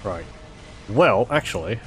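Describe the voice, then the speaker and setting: A man's voice: fairly low pitch, animated, unhurried. A man casually commenting on a strategy game, chatty and rambling, with jokey asides. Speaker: gameplay commentator.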